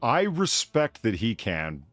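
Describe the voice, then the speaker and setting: A man's voice: medium pitch, wildly swooping pitch, slow, a bit bright, dry recording, faint music behind. A man hosting a podcast in casual, rambling chat, swearing freely and gushing about what impresses him. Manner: rambling, profane, enthusiastic. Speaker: podcast host.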